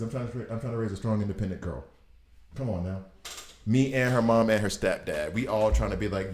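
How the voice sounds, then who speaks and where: A man in his thirties talks through a game in casual commentary. He riffs in an animated, exasperated way, and his fairly low voice carries a roomy echo. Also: brisk, a little hiss or hum. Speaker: gaming video host.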